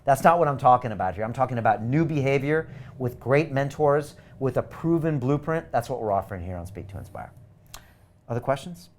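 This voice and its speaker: A man's voice: mid-range voice, brisk, slight background noise. A man hosting a live webinar, pushing viewers hard and emphatically to sign up for a course. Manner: energetic, urgent, pushy and emphatic. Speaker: webinar host selling a course. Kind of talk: live webinar sales pitch.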